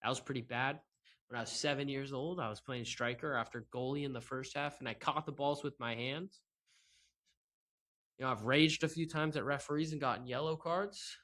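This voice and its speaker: A sports podcast host going solo, this man has a medium-pitched, somewhat bright voice and talks into a laptop microphone alongside a camera. He rants sarcastically and in exasperation, often breaking into laughter.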